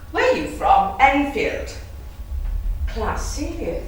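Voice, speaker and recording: A young Welsh woman from the South Wales valleys performs a teasing, bawdy dramatic monologue, laughing often. Her voice is medium-pitched and fairly bright, with slight background noise. The mic is distant in an echoey room.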